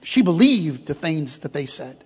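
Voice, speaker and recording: A man's voice: a little high, sing-song, moderate pace, husky. A male pastor preaching a sermon, leading his congregation in call-and-response declarations. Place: church sanctuary. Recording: long reverb of a church hall.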